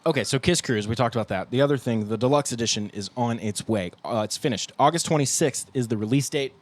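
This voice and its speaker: A man's voice: mid-range voice, fast talker. A young man co-hosting a casual band podcast, joking and laughing a lot and acting out what people said. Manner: jokey, laughs often, acts out quotes. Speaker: podcast co-host, band guitarist. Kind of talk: casual chat.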